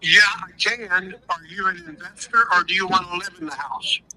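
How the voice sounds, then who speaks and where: Bright-voiced guy selling his house, blunt and suspicious, straight to the point. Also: high-pitched, normal speed, slight background noise, poor audio. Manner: blunt and wary, cuts straight to terms. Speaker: home seller on the phone.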